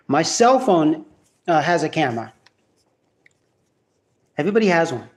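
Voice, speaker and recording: A man's voice: on the high side, normal speed, long pauses. A man ranting casually to camera in a vlog at home, profane and rambling with many restarts. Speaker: vlogger.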